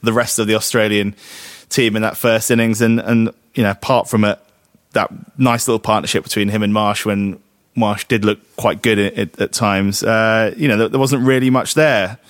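A man co-hosting a casual cricket podcast, talking in a halting way full of restarts and fillers. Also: fairly low pitch, steady tone, dry recording, clean studio sound. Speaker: podcast co-host.

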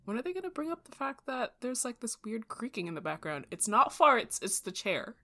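A woman's voice: on the high side, big pitch swings, a little fast, gravelly, sharp tone. A woman co-hosting a podcast in casual chat. She reacts with wry disbelief and talks frankly, swearing now and then. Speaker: podcast co-host. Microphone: home microphone in a squeaky chair.

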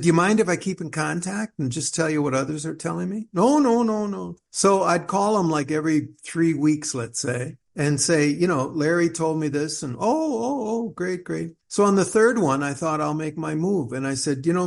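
Middle-aged guy, gravelly kinda high voice, rambly storyteller in an interview, keeps restarting. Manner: rambling, repeats words and restarts, animated when quoting others. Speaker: author interviewed as guest.

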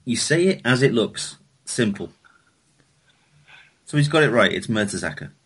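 A man's voice: mid-range voice, very animated, normal speed, fairly bright tone, breathy edge, low-quality recording. A man on a football podcast panel with a dry, sarcastic manner. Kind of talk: casual football podcast chat. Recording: faint noise with clicks.

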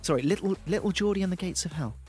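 A man's voice: high voice, animated, rapid-fire, a little mellow, soft background music. A man co-hosting a comedic radio breakfast show with a theatrical presenter delivery.

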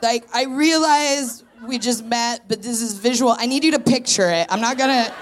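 Casual: woman in her 30s, stand-up set, frank and self-deprecating, bit of a high voice. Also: normal speed, a faint crowd. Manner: frank, self-mocking, chatty with fillers. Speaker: stand-up comedian and co-host. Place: live stage in a tent before an audience.

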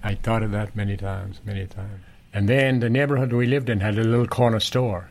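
A man's voice: fairly low pitch, fairly even intonation, fairly quick, vocal fry, darkish tone, a little hiss or hum. An Irish man in his seventies, rambling through memories with lots of "you know" and chuckles. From Ireland, Galway. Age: 70s. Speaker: interviewee, corner shop owner. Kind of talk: reminiscing conversational storytelling.

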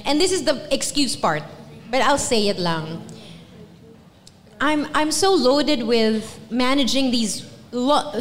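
A Filipino woman co-hosting a podcast in front of a live audience, talking in an animated way and slipping Tagalog phrases into her English. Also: fairly high pitch. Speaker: podcast co-host. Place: live show venue. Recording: long reverb of a live venue.

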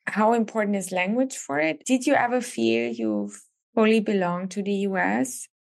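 Woman host w a creaky voice, short mm-hmms, asks questions. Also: medium pitch, expressive, moderate pace. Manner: brief backchannel replies. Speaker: podcast host. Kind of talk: interview questions.

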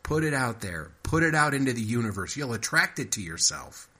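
A man voicing a pushy woman who coaches in positive-thinking slogans, pitching his voice up and louder. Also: sing-song, fairly quick, husky, full character voice. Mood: coaching, insistent. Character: pushy upbeat woman full of self-help talk.

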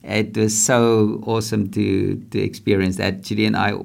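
A man's voice: lowish voice, little pitch movement, moderate pace, creaky, a little mellow, slight background noise. Earnest man giving a faith talk. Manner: earnest, repetitive, with restarts. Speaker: podcast host. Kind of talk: casual motivational faith talk.

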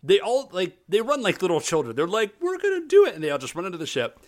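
A man in casual podcast chat, recapping a TV show and acting out the characters in quick voices. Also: high-pitched, very animated. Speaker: podcast co-host.

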